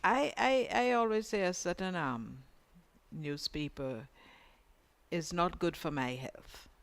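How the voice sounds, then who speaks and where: A woman with a Grenadian accent and a fairly low voice co-hosts a radio talk show, speaking slowly. She offers frank, emphatic opinions.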